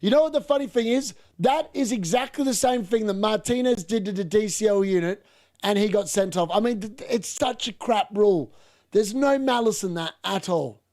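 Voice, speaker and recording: A man hosting a live football watchalong, chatting casually and reacting excitedly to the game. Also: sits high, moderate pace. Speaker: watchalong host.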